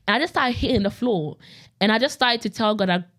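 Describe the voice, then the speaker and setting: A woman's voice: fairly high pitch, a bit bright. A young adult woman telling her personal faith testimony in a casual, conversational way, full of "like" and repeated phrases. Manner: rapid, conversational, with frequent "like" and repetition. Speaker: podcast host sharing her testimony.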